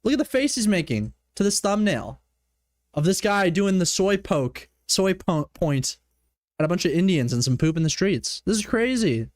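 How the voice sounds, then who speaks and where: A man's voice: sits high, sing-song, moderate pace, dry recording. Male streamer from Canada, casual reaction commentary, profane and mocking, swinging range, dry sound.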